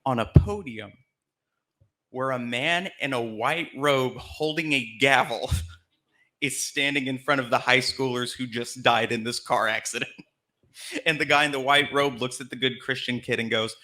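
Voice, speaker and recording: A man's voice: medium pitch, moderate pace, sharp tone. A man from Alabama hosting a live storytelling show on a theater stage, telling a comic story in a chatty way and laughing between lines. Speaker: host.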